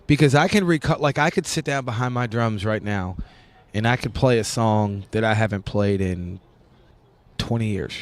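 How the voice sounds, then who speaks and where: A man with a fairly low voice hosts a relaxed podcast chat. He talks bluntly, swears often and pokes fun at himself. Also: normal speed. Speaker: podcast host, drummer.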